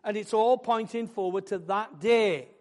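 A man preaching a sermon, building fervently into loud, emphatic declarations. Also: high-pitched, measured pace.

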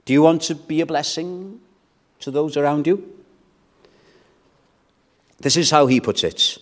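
Male pastor, unhurried sermon delivery, climbs into fervent appeals. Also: medium pitch. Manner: measured, rising to fervent exhortation.

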